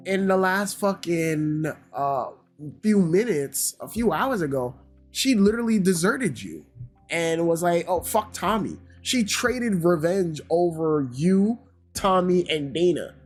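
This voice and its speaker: A man's voice: high voice, lively intonation, slow pace, faint music behind. A man giving a casual, ranting review, swearing heavily and sounding exasperated. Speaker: YouTube reviewer.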